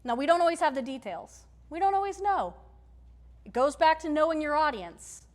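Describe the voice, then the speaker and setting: Woman workshop presenter, slightly high voice, chatty, emphatic, speaking into a mic before a room. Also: lively intonation, normal speed. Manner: conversational, emphatic, checks in with the audience. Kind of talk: live technical-community workshop talk. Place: meetup room with audience. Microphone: handheld or stage mic.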